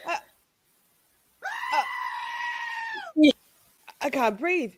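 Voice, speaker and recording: A woman's voice: medium pitch, expressive, normal speed, darkish tone, no echo. A woman hosting a casual livestream, chatting with playful mock outrage and frequent laughter. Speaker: livestream host.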